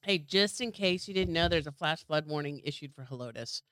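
A woman's voice: deep voice, expressive, brisk, a bit bright, no echo, clean studio sound. A woman co-hosting a casual podcast, chatty and teasing her partner. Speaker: podcast co-host. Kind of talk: casual chat.

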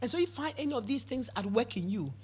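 A woman's voice: a little high, expressive, fast, darkish tone, breathy edge. A woman preaching a sermon, emphatic, with frequent amens and repeated words for stress.

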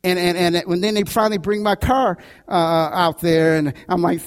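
A male pastor preaching a sermon, telling a personal story with lively, animated delivery. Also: high-pitched, fairly quick, hardly any pauses, big-room sound. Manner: animated storytelling with shouts and laughs.

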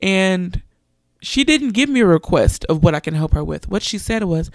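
A woman's voice: on the low side, expressive, brisk, no room sound, clean studio sound. A young woman preacher, giving an earnest sermon testimony and animatedly quoting others.

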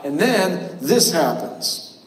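A pastor preaching a sermon in a church sanctuary, conversational and joking. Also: male voice, high voice, sing-song, slow, distant mic, slight background noise. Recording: cavernous echo from a live stream, voice from afar.

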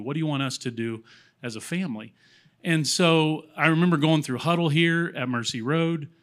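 A man's voice: on the high side, a bit bright. Choked-up man giving a church testimony. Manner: rambling, self-deprecating, getting choked up. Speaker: church member sharing testimony. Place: church platform, in front of congregation. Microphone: handheld mic.

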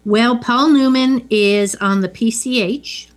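A woman's voice: on the high side, slow. Matter-of-fact woman co-host. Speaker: podcast co-host. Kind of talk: casual chat recapping a film.

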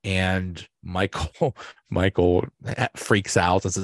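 A man's voice: low-pitched, completely flat delivery, takes it slowly, no room sound, studio quality. A man hosting a podcast, recapping TV episodes in a casual, rambling way with lots of fillers and restarts. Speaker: podcast host.

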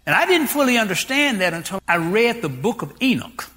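Lively, bright-voiced pastor in their sixties. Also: medium pitch, brisk. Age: 60s. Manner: preaching with rhetorical questions. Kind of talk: sermon.

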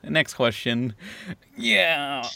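A man's voice: a little high, lively intonation, extremely slow, creaky, pushed and bright, dry recording. A man hosting a casual podcast, rambling and joking crudely as he reads listener questions. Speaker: podcast host reading questions.

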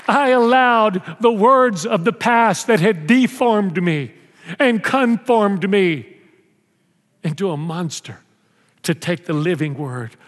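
High-voiced preaching pastor in a reverberant hall. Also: male voice, takes it slowly. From Mexico. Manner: lively preaching, acting out scenes. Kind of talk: sermon.

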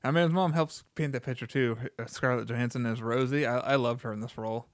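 A man talks through a film he enjoyed in an easygoing, chatty way, often quoting its lines. His voice is smooth and clear. The sound is dry and close. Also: mid-range voice, quick pace, no room sound. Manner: relaxed, laughs often, quotes lines from the film. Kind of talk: casual film review chat.

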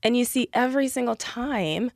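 A woman's voice: fairly high pitch, normal speed, creaky, no room sound, clean studio sound. A woman as a podcast guest, speaking in an earnest, heartfelt way about her life. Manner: gives frequent soft affirmations while listening. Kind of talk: reflective interview talk.

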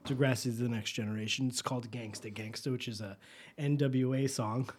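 A man's voice: mid-range voice, fairly even intonation, a little fast, slightly rough. A man co-hosting a podcast in casual chat, playful and jokey, swearing freely. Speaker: podcast co-host.

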